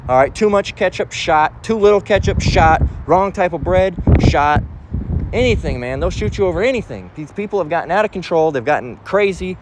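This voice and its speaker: A man's voice: high voice, expressive, fairly quick. Rambling man preaching outdoors in wind. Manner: rambling, emphatic, profane. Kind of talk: informal spoken sermon.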